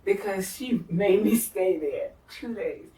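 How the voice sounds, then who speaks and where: A middle-aged woman telling a personal story as an interview guest, animated, acting out the voices she quotes. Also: takes it slowly. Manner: animated, acts out quoted voices with big pitch jumps. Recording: roomy, from far off the mic, faint noise.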